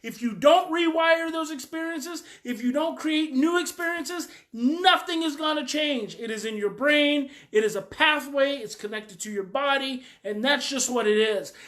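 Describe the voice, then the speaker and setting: A woman's voice: high voice, moderate pace, hardly any pauses, fairly bright tone. A woman coach giving a frank, emphatic daily talk, repeating her key points and swearing a little. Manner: emphatic and repetitive. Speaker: parenting coach.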